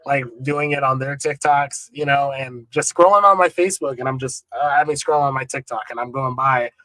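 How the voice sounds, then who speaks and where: A man's voice: medium pitch, fairly quick, pushed and bright, no room sound, poor audio. A man talking as an easygoing music producer guest in a casual interview, with frequent repeats and fillers. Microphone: remote call setup.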